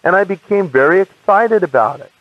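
An American man telling his personal faith testimony as an animated storyteller, acting out the voices of people he quotes. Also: high voice, a little fast, no room sound. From United States. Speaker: evangelist giving his testimony. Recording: muffled dry archive recording.

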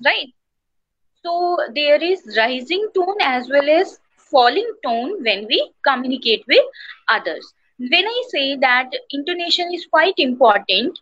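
A woman with an Indian English accent teaches an online class, explaining points step by step with many fillers and "right?" checks. Her voice sits high and sounds bright and crisp. The recording is dry and a bit dull. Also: no echo. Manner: explanatory, with frequent fillers and tag questions.

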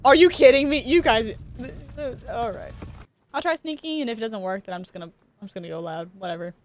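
A woman streamer giving casual, excitable commentary as she plays a shooter, laughing often and talking to the game. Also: on the high side, fast, a little hiss or hum. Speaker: gaming streamer. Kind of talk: casual let's-play commentary. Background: game music and gunfire.

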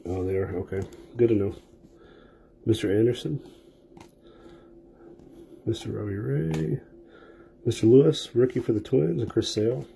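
A man's voice: fairly low pitch, measured pace, gravelly, long pauses, warm tone, a little hiss or hum. Laid-back man calling card pulls. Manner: casual, rattles off player names as packs open. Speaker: sports card breaker. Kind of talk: live card break commentary.

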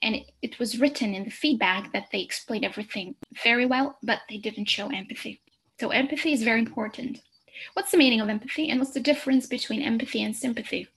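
Woman, fairly high-pitched, medical exam lecturer, explanatory, repetitive, frequent "okay?" check-ins. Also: quick pace, a bit bright, husky. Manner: explanatory, repeats key points, checks in with "okay?". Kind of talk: recorded exam-prep lecture.

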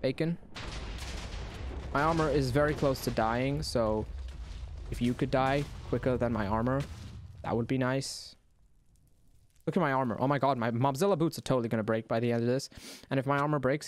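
A young man talks through a boss fight in a video game, excitable and quick to swear at the enemy. His voice sits in a middle pitch. Noisy game sounds and gunfire run underneath. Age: young adult. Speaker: gaming YouTuber. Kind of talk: live gameplay commentary.

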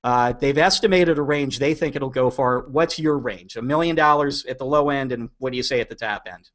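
A man's voice: mid-range voice, a little fast, a bit bright. A man hosting a casual podcast, chatty and joking as he teases his co-host.

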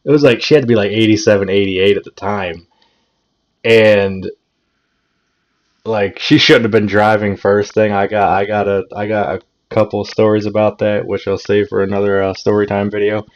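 Laid-back guy with a lowish voice, chuckles and stumbles over words, storytime vlog, dull lo-fi audio. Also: level tone, moderate pace. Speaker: channel host, storyteller. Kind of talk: casual story time vlog. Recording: dull lo-fi recording.

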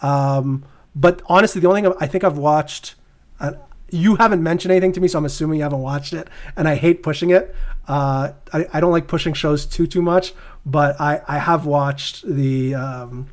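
Chatty Canadian man, slightly high voice. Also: moderate pace. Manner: chatty, rambling, laughs easily. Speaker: podcast co-host. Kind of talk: casual chat.

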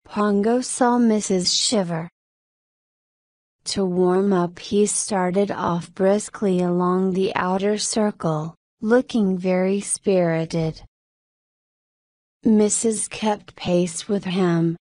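A woman narrating a graded story for English learners in a slow, clear, measured reading. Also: mid-range voice, fairly even intonation, a little mellow, no room sound.

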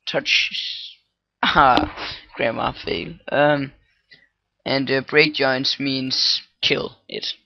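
A man thinking aloud through a casual coding tutorial, halting with many fillers and restarts, on a low-quality microphone. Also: gravelly, dry recording, highs cut off. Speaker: scripting tutorial maker. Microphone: cheap computer microphone.

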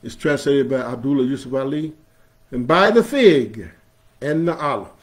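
An imam preaching a sermon in a mid-pitched male voice. He builds from a calm explaining tone to loud, drawn-out emphasis on key phrases, then chants scripture. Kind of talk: Friday sermon. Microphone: streamed live online.

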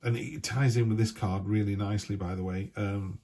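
A man's voice: fairly low pitch, steady tone, normal speed, dark tone, slightly rough. A man giving a chatty, rambling tarot reading full of asides. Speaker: tarot reader.

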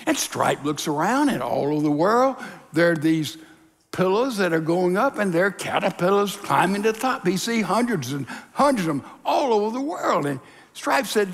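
Preaching a sermon in a large church sanctuary, a pastor speaks at normal speed in a high voice with big pitch swings. He narrates stories for the congregation, voicing each character in the dialogue.

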